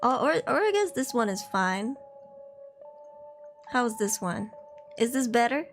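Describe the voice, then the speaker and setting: A woman's voice: fairly high pitch, animated, a little slow, long pauses. A woman hosting a livestream, chatting casually in a bubbly, giggly, slangy way while she sets up horror story reading. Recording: horror background music under the voice. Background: background music.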